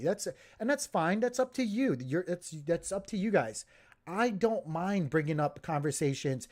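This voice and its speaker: A man's voice: high voice, a little mellow. A man hosting a crypto livestream, talking in a heated, emphatic way and repeating himself as he gets worked up.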